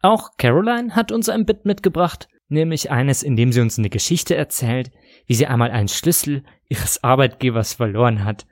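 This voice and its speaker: A man hosting a podcast and reading a scripted introduction in a measured, self-deprecating way. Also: mid-range voice, animated, no room sound. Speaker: podcast host.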